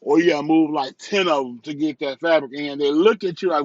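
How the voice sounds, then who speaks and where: Candid rambling man, slightly high voice. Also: fairly even intonation, fast, no room sound, muffled recording. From South Suburbs of Chicago. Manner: candid, rambling, repeats phrases, restarts often. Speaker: vlogger and entrepreneur. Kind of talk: casual vlog review.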